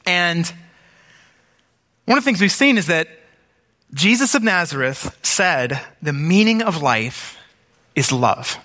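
A man preaching an Easter sermon as pastor, reading scripture aloud and breaking in with relaxed, conversational comments. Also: on the high side, slow, long pauses, long reverb tail.

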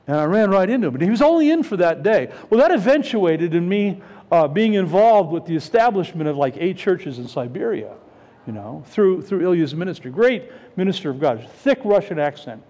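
A man's voice: high-pitched, big pitch swings, brisk, mellow. A middle-aged male pastor preaching a conversational sermon, often repeating himself and asking the congregation questions. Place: church sanctuary. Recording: long hall reverb.

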